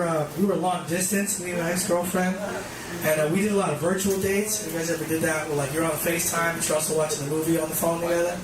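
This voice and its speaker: A man with a fairly high voice works through a live stand-up set, rambling and self-deprecating as he chats with the crowd. He is picked up from a distance in an echoey club, with loud room noise all around him. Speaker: stand-up comedian. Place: comedy club stage. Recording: echoey club audio from far off. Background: loud room ambience and audience.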